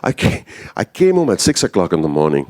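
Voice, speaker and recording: Man, animated storyteller; quick and very expressive. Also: low voice. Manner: lively, switches into characters. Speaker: speaker telling life stories.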